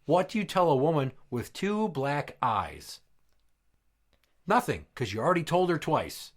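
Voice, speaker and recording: Guy with a really lively voice doing a foul-mouthed dad telling old dirty jokes, gets huffy fast. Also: fairly high pitch. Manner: crude, exasperated dad telling old jokes, swears often. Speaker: comedy podcast host. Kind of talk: comedic joke-telling skit.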